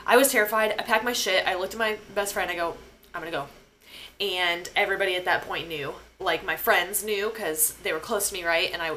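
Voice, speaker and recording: A woman's voice: on the low side, sharp tone, slight background noise. A young woman hosting a podcast, telling a personal story in a casual, emotional way, with lots of filler words and swearing. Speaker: podcast host.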